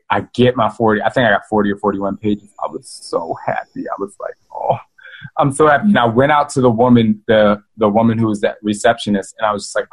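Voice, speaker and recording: Animated man telling a story. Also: mid-range voice, poor audio. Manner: animated, addresses listeners as "y'all". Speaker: author and guest. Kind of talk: casual storytelling to an audience.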